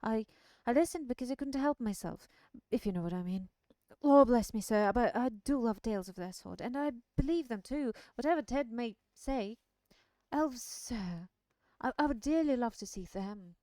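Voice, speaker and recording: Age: young man, gardener played by a woman. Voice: raised, loud, smooth. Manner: eager, breathless, stammering. Native: not English. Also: on the high side, expressive, moderate pace, no room sound, natural voice.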